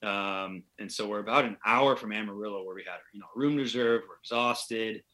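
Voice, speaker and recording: A man's voice: lowish voice, moderate pace, sharp tone. A man telling a long, rambling story in a casual podcast chat, acting out the voices of the people he quotes. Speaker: podcast guest, pro hockey player.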